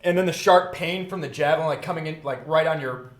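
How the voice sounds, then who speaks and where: A man's voice: fairly high pitch, fast talker. Young man rambling as game master, roomy echo. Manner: rambling, full of fillers and laughter. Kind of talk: narrating a tabletop game on a stream.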